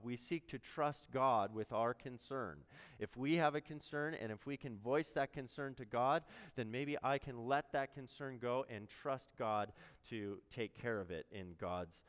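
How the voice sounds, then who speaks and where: A pastor with a medium-pitched voice preaches a sermon conversationally, posing questions to the congregation and answering them himself. The sound has a big-room quality.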